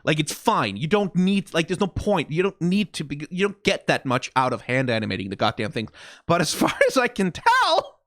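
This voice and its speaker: A man hosts an anime reaction in casual, profane, animated commentary. He rambles with frequent restarts, laughs and bursts of mock anger. His voice is a little high and his speed normal, with clean studio sound and no room sound.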